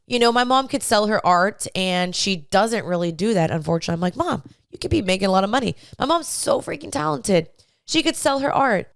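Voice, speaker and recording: A woman's voice: on the high side, clean tone, no room sound, clean studio sound. A young woman hosting a faith-based podcast, talking straight to listeners in a chatty, encouraging way. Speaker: podcast host. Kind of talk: faith-based advice talk.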